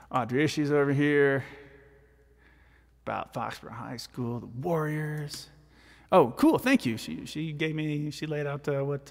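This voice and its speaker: A man's voice: medium pitch, creaky, in a large hall. A man, a vocal jazz arranger, chatting casually and self-deprecatingly with viewers while recording his own vocal parts.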